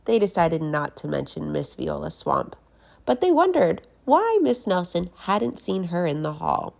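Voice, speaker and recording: Lady reading a kids book out loud, slow, lots of ups and downs, bit of fry. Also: on the low side. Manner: slow, expressive storytelling. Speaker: guest story reader. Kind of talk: reading a picture book aloud.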